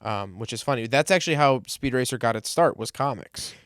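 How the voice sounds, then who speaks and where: A man's voice: medium pitch, lively intonation, a little fast, a bit bright, clear, resonant tone, dry recording, clean studio sound. A man co-hosting a podcast, explaining things in casual chat with lots of "um" and "like". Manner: explains at length, with many fillers like "um" and "like". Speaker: podcast co-host.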